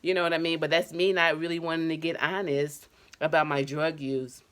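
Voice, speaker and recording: Low-voiced woman, candid and emotional. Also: flat delivery, fairly quick, a bit bright. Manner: candid, emotional storytelling with casual slang. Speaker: addiction counselor. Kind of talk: personal vlog talk.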